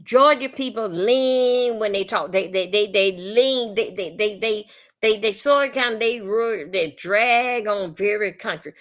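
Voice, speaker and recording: A woman from Florida, speaking with a Southern accent in a mid-range voice at a slightly slow pace, rants on a live stream. Her commentary is blunt and profane, rambling and repetitive.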